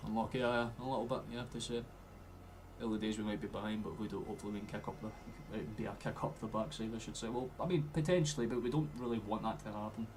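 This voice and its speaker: A man's voice: fairly low pitch, quick pace. Sweary Scottish man at a watchalong. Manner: swears freely, flares into loud outbursts at play. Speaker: streamer doing a football watchalong. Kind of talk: live match commentary to chat.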